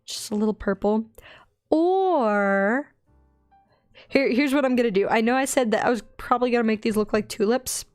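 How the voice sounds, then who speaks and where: A young woman with a light Southern accent chats in a bubbly, rambling, easily excited way as she works on a drawing. Her voice sits a little high. It is recorded close and dry, with soft music playing underneath. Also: moderate pace, clear, resonant tone, no room sound. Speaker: digital artist streaming her drawing. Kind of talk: casual chatty art stream.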